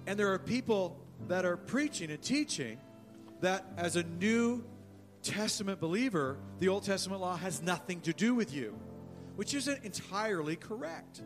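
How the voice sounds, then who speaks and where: A man preaching a sermon as pastor, animated, often repeating words and calling for the congregation to respond. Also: high voice, normal speed, over music.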